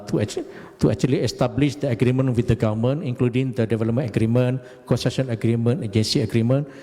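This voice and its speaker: A man, giving a halting, deliberate lecture about his career. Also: mid-range voice, mellow, big-room sound. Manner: halting, deliberate, frequent hesitations. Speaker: guest lecturer, company managing director.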